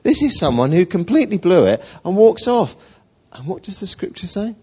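A man preaching a sermon in an animated storytelling way, acting out quotes. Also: high voice, a little fast, husky. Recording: dull lo-fi recording.

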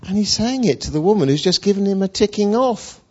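A man preaching a sermon in an animated storytelling way, acting out quotes. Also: high voice, fairly quick, husky. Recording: dull lo-fi recording.

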